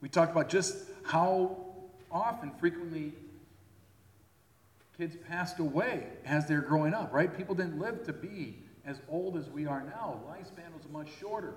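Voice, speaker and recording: Male preacher, relaxed conversational sermon delivery, roomy hall sound. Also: on the high side, measured pace. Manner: conversational, checks in with the audience. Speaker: pastor. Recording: echoey hall.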